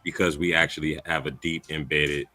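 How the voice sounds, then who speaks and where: Low, bright-toned man, dry sound. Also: level tone, normal speed, no room sound. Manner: reflective, searching for words. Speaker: panel guest. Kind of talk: casual panel discussion.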